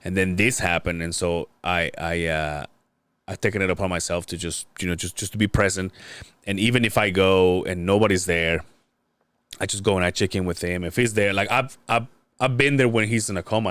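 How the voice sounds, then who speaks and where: A man with a lowish voice tells a story in casual podcast chat, often stopping and starting over. The sound is dry and close, with no room around it. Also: fairly even intonation, fairly quick, fairly bright tone, clear, resonant tone, dry recording. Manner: rambling storytelling with many restarts. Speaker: podcast host.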